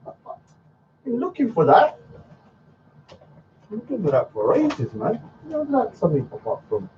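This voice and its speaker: A man's voice: high-pitched, huge pitch swings, measured pace, long pauses, noisy background. A man chatting on a livestream and muttering to himself as he searches for things. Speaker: livestreaming artist. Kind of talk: casual livestream chat. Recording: dull lo-fi stream audio.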